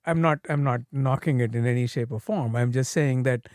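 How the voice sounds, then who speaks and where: A man's voice: medium pitch, darkish tone, dry recording, clean studio sound. An older man with an Indian accent from India, a father talking reflectively in a casual interview. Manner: reflective, plainspoken, pausing with fillers. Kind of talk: casual conversation.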